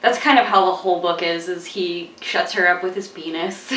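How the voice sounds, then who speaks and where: A woman co-hosting a film review chat, sarcastic and animated, mocking the characters with quoted voices. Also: lowish voice, moderate pace, a little hiss or hum. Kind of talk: casual chat. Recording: echoey room, voice a bit far from mic.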